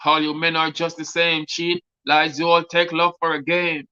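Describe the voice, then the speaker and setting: A man's voice: on the high side, flat delivery, moderate pace, sharp tone, clean tone, no echo, muffled recording. A man reciting a bitter, wounded young woman. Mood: bitter, anguished. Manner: recited as spoken-word poetry. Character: young woman, abused, bitter toward men.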